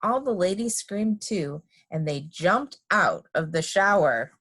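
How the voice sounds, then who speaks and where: A woman reading a children's picture book aloud in an expressive, lively manner. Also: lowish voice, takes it slowly. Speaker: storybook reader.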